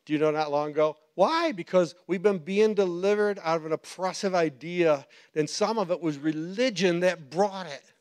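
A male pastor preaching a sermon, telling stories with animated quoted voices and frequent laughter. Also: sits high, moderate pace, smooth. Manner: animated storytelling, acts out quotes, laughs often. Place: church.

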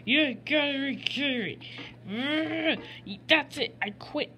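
A woman voicing an excitable male cowboy toy sheriff in gameplay commentary, repeating and sputtering words. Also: high-pitched, drawn-out words, faint music behind, exaggerated voice. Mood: frustrated. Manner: repeats phrases over and over, sputters and stammers. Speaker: gamer playing in character.

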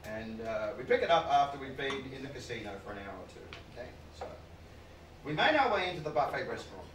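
A male comedian telling a story live on stage, with an animated, punchy delivery and sudden loud outbursts. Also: mid-range voice, fast. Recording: echoey, distant, noisy room mic.

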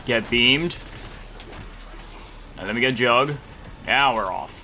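Early in the morning and clearly tired, this man rambles and jokes his way through a game, slipping into sing-song asides as a gaming YouTuber doing casual commentary. His voice is mid-range, bright and forceful, moving at a moderate pace over slight background noise.

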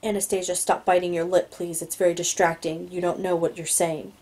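A woman voicing a guarded, controlled wealthy young man in an audiobook-style reading, speaking low and clipped. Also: flat delivery, a little fast, a little mellow, lightly acted.

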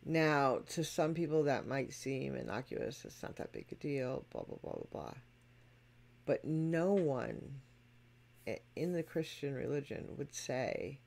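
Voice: medium pitch, expressive, measured pace, creaky, a little mellow. A music reaction channel host giving casual spoken commentary to viewers, emphatic and explanatory.

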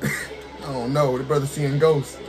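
Excitable high-voiced man commentating gameplay. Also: moderate pace, over music. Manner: excitable, talks to the game characters, laughs often. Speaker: gaming streamer.

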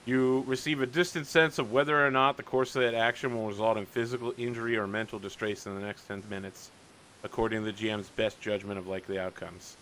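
A man's voice: fairly low pitch, level tone, quick pace, a bit bright, slight background noise. A man running a tabletop game as game master, chatting casually and animatedly and reading rules aloud on a voice call.

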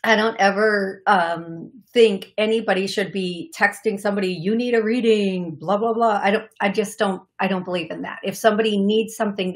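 A woman's voice: mid-range voice, a bit bright. A woman hosting a live call-in show as a psychic medium, chatting casually and greeting viewers by name in short bursts full of fillers and restarts.

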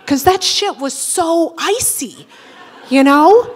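A woman telling a true personal story live on a theater stage. She tells it in a profane, animated, comic way, full of quick asides. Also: high voice. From Boston area.

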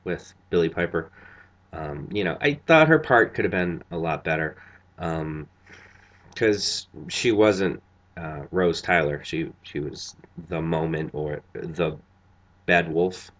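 A man's voice: deep voice, takes it slowly, a bit bright. A tired man giving a casual, rambling spoken review of a TV episode, full of fillers and restarts. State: tired after a long night.

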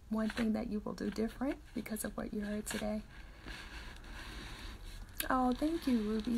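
Chatty woman with a gravelly edge. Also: a little high, noisy background. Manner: chatty, laughs often, reads out viewer comments. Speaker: host of a daily Bible reading livestream. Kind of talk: casual chat with live viewers.

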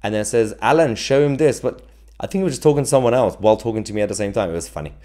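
A man's voice: lowish voice, lively intonation, very fast, mellow. A man hosting a political live stream, chatting casually and jokily as he reads viewer comments, with frequent chuckles and rambling asides. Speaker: political livestream host.

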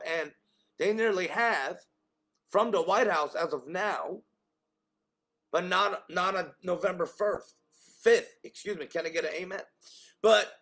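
A man's voice: high-pitched, a bit bright. A man preaching an exuberant sermon, calling for responses from viewers and breaking into tongues. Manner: exuberant, call-and-response exhortations; bursts into tongues. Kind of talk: livestreamed sermon.

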